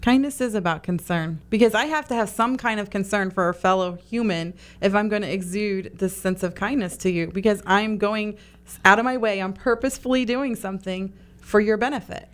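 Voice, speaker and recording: A woman's voice: medium pitch, a little fast. Earnest middle-aged woman guest. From Italian-American family. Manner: earnest, explanatory, many "you know"s. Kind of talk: casual radio chat.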